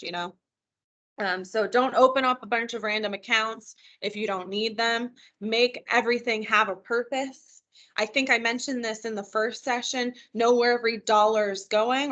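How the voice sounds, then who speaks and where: A woman teaches a virtual money skills class over a computer microphone, chatty and encouraging. Her voice sits a little high and sounds bright and forward. She often stops to answer questions from the people attending. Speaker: financial wellness trainer. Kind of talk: live virtual training session. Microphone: computer mic on a video call.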